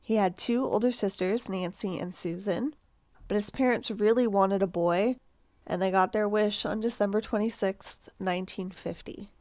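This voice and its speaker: A woman narrates a true-crime case for a podcast in a loose, conversational way. Her voice sits at an ordinary middle pitch. The sound is dry and close. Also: fairly even intonation, normal speed, a little mellow, no room sound. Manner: chatty, reads quotes aloud, laughs, swears casually. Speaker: podcast co-host.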